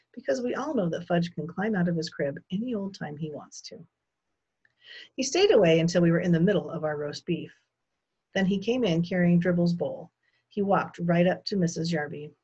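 Woman teacher reading aloud, low-pitched and husky, expressive delivery, dull lo-fi recording. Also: normal speed. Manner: expressive storytelling. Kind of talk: reading a children's novel aloud.

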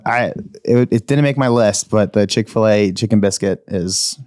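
Male podcast co-host, relaxed and enthusiastic, laughs a lot in casual chat. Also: lowish voice, moderate pace. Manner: enthusiastic, laughs often, easygoing.

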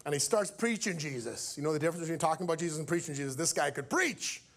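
A male preacher telling a story from the pulpit in an animated way, acting out each character's lines. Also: a little high, fast. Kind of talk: storytelling sermon.

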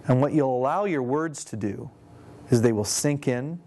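A man's voice: medium pitch, moderate pace, darkish tone. A man teaching communication skills in a training lecture, demonstrating vocal techniques and quizzing his audience. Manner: demonstrative, poses questions to the audience; shifts his voice to show each tonality.

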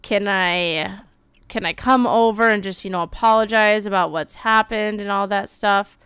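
Woman streamer, lively gameplay commentary, smooth resonant voice. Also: medium pitch, no echo. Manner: animated, bursts of exclaiming and quick read-outs. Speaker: game streamer.

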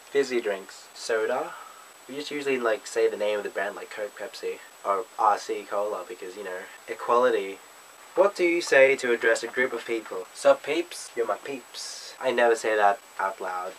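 A man's voice: on the low side, moderate pace, a bit bright, slight background noise, rough recording. A young man from Australia with an Australian accent, casually reading a word list and answering questions with playful, self-mocking asides. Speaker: vlogger. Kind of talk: casual accent tag video.

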